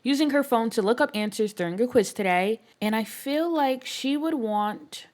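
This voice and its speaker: A woman's voice: on the high side, moderate pace, a little mellow. A woman giving casual, rambling commentary on a life-sim playthrough, with lots of fillers and playfully exasperated asides to her characters. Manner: chatty, rambling, filler-heavy with frequent "um" and "like". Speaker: game streamer narrating a life-sim playthrough.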